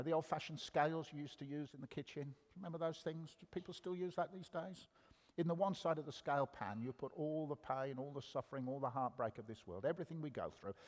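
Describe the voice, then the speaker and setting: A man's voice: medium pitch, darkish tone, slightly rough, in a large hall. An older man giving a conversational sermon with humor, asking the audience questions as he preaches. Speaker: guest preacher. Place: church hall.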